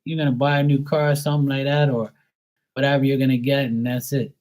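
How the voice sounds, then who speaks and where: A middle-aged man hosting a tarot livestream, chatting casually in a rambling, blunt and profane way that rises into animated rants. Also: mid-range voice, fast, low-quality recording. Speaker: tarot reader host.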